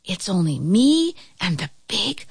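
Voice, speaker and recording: A woman's voice: medium pitch, very animated, takes it slowly, creaky, breathy edge, dry recording, full character voice. A woman voicing a spirited young girl who plays ball, eager and pleading in a storybook reading. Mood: earnest.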